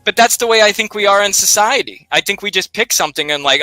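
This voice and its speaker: Man, high bright voice, animated casual host, lots of rhetorical questions, dry close sound. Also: fast talker, few pauses, dry recording, faint music behind. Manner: animated, peppers talk with rhetorical questions and jokes. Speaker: librarian co-host of a live research show. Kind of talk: casual live instructional chat.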